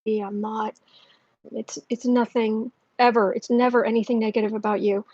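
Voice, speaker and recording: A woman hosting a livestream as a tarot reader, chatting casually with many fillers and restarts, speaking softly and gently and sometimes dropping to a near whisper. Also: fairly high pitch, little pitch movement, moderate pace, no room sound, dull audio. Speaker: tarot reader and channel host.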